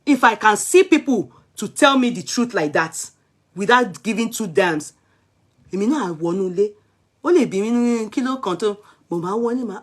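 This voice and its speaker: A woman with a Nigerian accent gives casual celebrity commentary on her vlog. Her voice sits in a middle register, and her delivery is emphatic and conversational, mixing languages mid-sentence. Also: mid-range voice. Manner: chatty and emphatic, switches between English, Yoruba and Pidgin. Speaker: vlogger.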